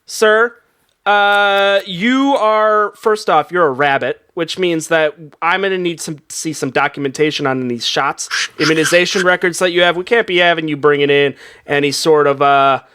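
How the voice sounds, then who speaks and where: A man's voice: fairly high pitch, normal speed, bright, forceful tone, clear, resonant tone, voice pushed down. A man voicing a bossy male border inspector, drawling his words in an improv scene. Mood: officious. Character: pompous male border inspector, officious and suspicious.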